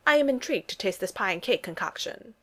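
A woman's voice: medium pitch, expressive, fast talker, fairly bright tone. A woman reading a formal, hearty warrior god. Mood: intrigued. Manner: formal, archaic phrasing.

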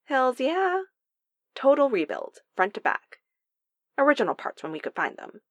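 Brash, irreverent young woman, husky and lively, read by a female narrator. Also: fairly low pitch, no room sound, exaggerated voice. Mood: breezy. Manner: slangy, quick retorts.

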